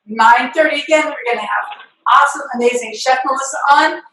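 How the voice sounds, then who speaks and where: High-voiced woman host announcing the next show. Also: brisk, sharp tone. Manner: upbeat, promotional announcements. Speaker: event host. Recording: roomy echo, far from the mic.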